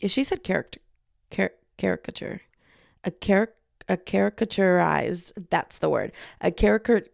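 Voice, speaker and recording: A woman's voice: mid-range voice, animated, normal speed, gravelly, no room sound, clean studio sound. A young adult woman hosting her own podcast from her bedroom, chatting in a rambling way with a slightly scratchy voice and breaking into playful singing. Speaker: podcast host. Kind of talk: casual solo podcast chat. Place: her bedroom with hardwood floors. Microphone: podcasting mic.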